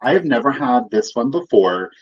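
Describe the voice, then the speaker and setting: A co-host of a live online vintage sale, counting down bids slowly and thanking buyers by name. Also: mid-range voice, sing-song, husky. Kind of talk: live online sales chat. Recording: dull lo-fi sound.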